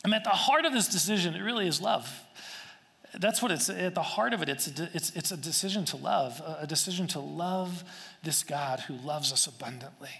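Pastor, male, somewhat high voice; earnest, chatty sermon delivery with restarts; long hall reverb. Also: a little fast, gravelly, bright, forceful tone. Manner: earnest, conversational, with repeated phrases and restarts. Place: church sanctuary. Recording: long echo of a large hall.

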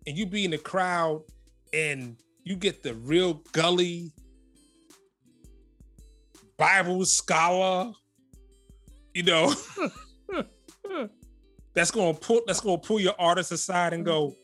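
A man with a slightly high voice, co-hosting a casual faith podcast. He talks animatedly and hammers his points home by repeating phrases. Faint guitar music plays in the background. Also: animated, slow pace, pauses often, a bit bright. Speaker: podcast co-host.

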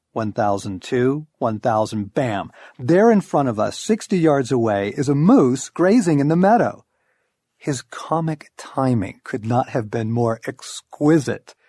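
A man's voice: medium pitch, warm tone, dry recording, studio quality. A middle-aged man reading a devotional book aloud, with wry, storytelling emphasis. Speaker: audiobook narrator. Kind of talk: scripted devotional narration.

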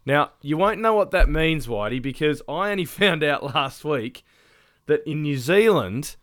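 A man's voice: a little high, lively intonation, a little slow, fairly bright tone, no echo, clean studio sound. A man co-hosting a podcast in casual chat, ranting and swearing freely, often laughing mid-sentence. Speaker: podcast co-host.

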